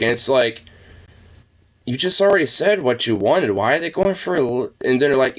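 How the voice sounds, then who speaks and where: A man's voice: medium pitch, lively intonation, brisk. A man from Oregon giving casual reaction commentary, rambling, swearing freely and laughing often. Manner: rambling, profane, laughs a lot. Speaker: reaction video host.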